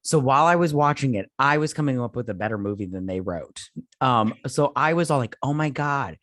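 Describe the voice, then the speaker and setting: A man's voice: medium pitch, lively intonation, fairly quick, fairly bright tone, no echo, studio quality. A drunk man co-hosting a casual movie-review podcast, rambling and swearing as he trails off mid-thought. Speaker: podcast co-host.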